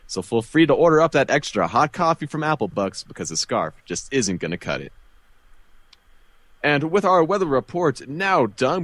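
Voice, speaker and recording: A man's voice: mid-range voice, a bit bright, no room sound. A man hosting a radio show, reading weather and news with easygoing, chatty host patter. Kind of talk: casual radio chat and news.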